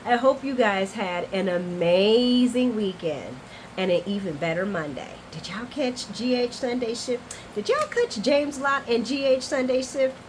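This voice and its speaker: A woman with a slightly high voice and measured pace hosts a relaxed soap opera recap, with a bit of background noise present. Talking right to her viewers, whom she calls "y'all," she stays chatty, lively, and playful with frequent asides.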